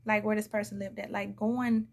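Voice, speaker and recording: A woman's voice: medium pitch, flat delivery, normal speed, vocal fry. A woman giving a casual, blunt tarot reading, chatting to viewers and laughing often. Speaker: tarot reader.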